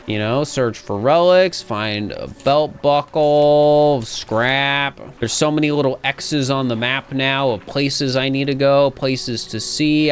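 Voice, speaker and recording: Playful man narrating his gameplay. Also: mid-range voice. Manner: playful, self-mocking, chatty. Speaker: gaming video creator. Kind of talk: casual let's play commentary.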